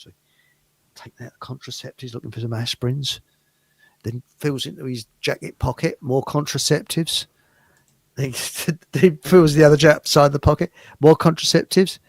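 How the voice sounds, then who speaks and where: A gravelly man hosts a loose, rambling chat, cracking old jokes and laughing at them himself. His voice sits a little high and sounds close and dry. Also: expressive, moderate pace, dry recording. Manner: chuckling, rambling joke-teller. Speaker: show host. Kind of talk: casual chat.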